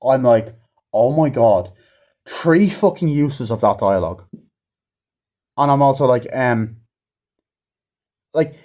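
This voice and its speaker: With a medium-pitched, slightly mellow voice, a man gives a loose, meandering film review. He swears a lot, fills gaps with fillers, and bursts into a raised voice to act out the movie's lines in this casual rant.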